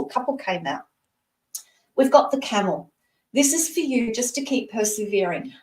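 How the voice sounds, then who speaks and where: A woman's voice: medium pitch, reverberant, distant mic, poor audio. A Scottish-born woman in her sixties giving a live tarot reading in a reassuring way, speaking to the person asking by name. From Scotland. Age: 60s. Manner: warm, reassuring, talks to the asker by name. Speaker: psychic reader.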